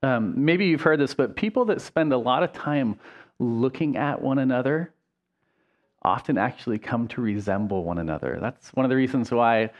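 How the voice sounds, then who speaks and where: A middle-aged man, a pastor, preaching a conversational sermon in a casual, chatty way, full of ums and quick self-corrections. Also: medium pitch, animated, highs cut off.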